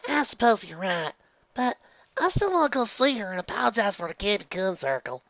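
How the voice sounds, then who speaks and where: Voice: mid-range voice, very animated, moderate pace, gravelly, fairly bright tone, no echo, pitched above the performer's own voice. A narrator voicing an earnest, chatty young farm pony filly in a raised voice, on a dull lo-fi recording.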